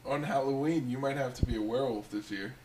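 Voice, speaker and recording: A man's voice: mid-range voice, fast talker, darkish tone, slightly rough. A man co-hosting a casual podcast, teasing and needling his friend with short jokes. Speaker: podcast co-host.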